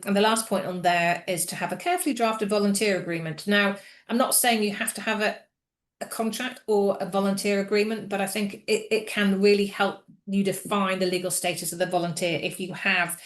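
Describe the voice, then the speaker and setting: A woman's voice: medium pitch, steady tone, moderate pace, roomy sound. A woman presenting an employment law webinar, talking with many fillers and restarts. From United Kingdom. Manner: hesitant, frequent fillers and restarts.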